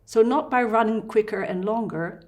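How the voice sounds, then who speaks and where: A woman fasting doctor with a Dutch accent, explaining fitness and breathing in an interview with lively asides. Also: fairly high pitch.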